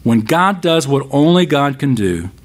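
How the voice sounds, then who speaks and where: A man preaching a sermon as a pastor, expressive, slowing down for emphatic scripture reading. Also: medium pitch.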